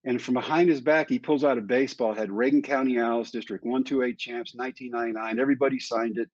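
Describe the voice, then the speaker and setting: A man in his fifties, a guest in an interview, telling his story in a lively way and acting out the dialogue. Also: mid-range voice, fast talker, no room sound. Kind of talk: candid storytelling in conversation. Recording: dry, slightly dull sound.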